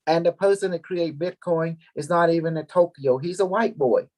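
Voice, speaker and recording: Speaking at a moderate pace, this man has a slightly high voice with a darkish tone. He's a group leader chatting informally and at length with his followers about spiritual matters, wandering off track, repeating words and switching between languages.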